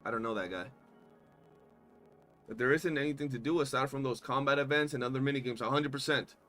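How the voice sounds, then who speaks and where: A young man livestreaming a game, talking in a loose, animated, slangy way and swearing often. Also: mid-range voice, fairly quick, faint music behind. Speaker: streamer. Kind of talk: casual gaming livestream chat.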